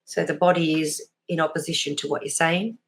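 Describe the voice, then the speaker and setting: A woman talks as a guest in a relaxed interview. Her voice sits a little low. She rambles a bit and laughs at herself, acting out small examples as she goes. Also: a little fast. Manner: chatty, self-deprecating, acts out little examples. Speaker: guest, behavioural profiler. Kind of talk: casual interview chat.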